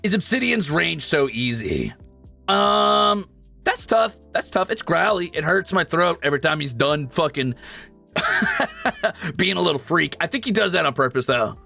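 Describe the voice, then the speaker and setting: Male streamer, slightly high, gravelly, casual and profane, faint background music. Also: sing-song, pushed and bright. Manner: casual, quick asides and profanity, shows off vocal range. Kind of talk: casual chat with chat readers.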